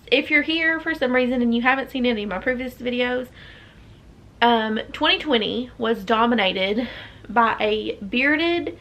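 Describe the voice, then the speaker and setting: A woman's voice: fairly high pitch, fairly bright tone. A young woman with a Southern US accent chatting casually as a book vlogger, rambling with many fillers and restarts. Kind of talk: casual chat.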